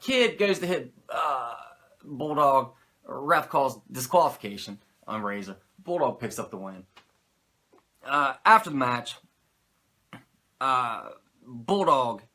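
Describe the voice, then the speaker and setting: A man who reviews wrestling shows in a loose, rambling way, swearing freely and mocking himself. His pitch swings widely and his voice has a bright edge. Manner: rambling, profane, self-mocking. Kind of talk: casual commentary.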